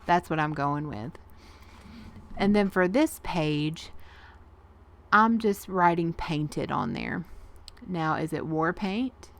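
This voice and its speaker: A woman's voice: sits low, expressive, slow, pauses often, fairly bright tone. A woman, chatting folksily through her art journal pages as a craft vlogger and laughing often. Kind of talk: casual craft narration.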